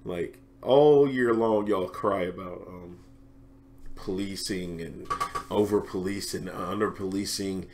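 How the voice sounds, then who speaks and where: A man giving casual reaction commentary on a vlog, animated and slangy, laughing often as he talks. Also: low voice, takes it slowly. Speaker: commentary vlogger.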